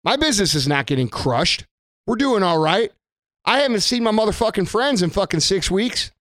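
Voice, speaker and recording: A man's voice: high-pitched, expressive, normal speed, a bit bright, dry recording, studio quality. A man giving an angry, blunt rant to camera, swearing heavily and repeating himself for emphasis. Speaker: business owner. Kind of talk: profane political rant to camera.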